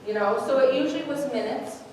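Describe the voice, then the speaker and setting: A woman's voice: high-pitched, fast. A mother talking openly about her son in a church service, emotional and talkative. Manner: warm, emotional, talkative storytelling. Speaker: mother of the speaker. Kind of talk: casual testimony in a church service. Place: large church sanctuary. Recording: echoey hall, distant mic, noise.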